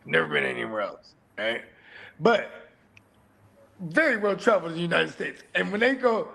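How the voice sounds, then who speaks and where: High gravelly northern cali guy, loud jokey, swears a lot, swoopy voice. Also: sing-song, normal speed, pauses often. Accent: Northern California. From California. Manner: loud, joking, swears freely. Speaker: co-host. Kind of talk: casual chat.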